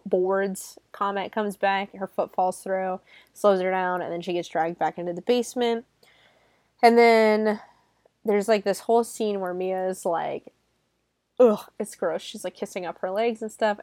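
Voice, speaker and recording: A woman's voice: mid-range voice, darkish tone, no echo. A woman recapping a horror film in a casual, chatty way, swearing freely and filling her talk with "like" and laughter. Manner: chatty, profane, lots of fillers and laughter. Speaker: horror movie reviewer. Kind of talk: casual spoken movie recap. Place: home room.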